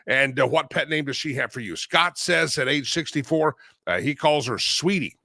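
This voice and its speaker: Bright-voiced male talk show host. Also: fairly high pitch, expressive, moderate pace, gravelly, no echo, clean studio sound. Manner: chatty, loose, many fillers. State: coughing. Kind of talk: casual talk show monologue.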